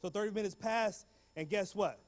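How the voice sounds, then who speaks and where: A man's voice: high voice, normal speed. A young man giving a comedic guest talk to students, acting out scenes and slipping in Spanish words. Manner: animated, acts out every character, drops Spanish words. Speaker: guest speaker. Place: large school hall.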